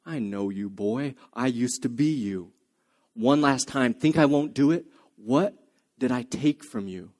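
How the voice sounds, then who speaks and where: A man's voice: medium pitch, measured pace, darkish tone, voice pushed down, lightly acted. A preacher playing an intense older male prisoner scientist who barks taunting questions at his captive. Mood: menacing. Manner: taunting, barking rhetorical questions.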